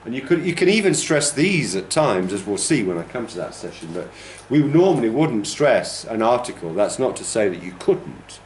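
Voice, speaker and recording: In an echoey room with a little hiss or hum, a man from the United Kingdom lectures a class on pronunciation and speaks stress patterns aloud as examples. His medium-pitched voice is sing-song and moves at a normal speed with hardly any pauses.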